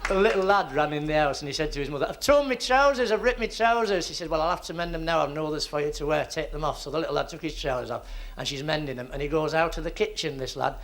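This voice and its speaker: A man telling a joke on stage as a steady, plain story. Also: fairly high pitch, very fast, few pauses, a little hiss or hum. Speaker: stand-up comedian.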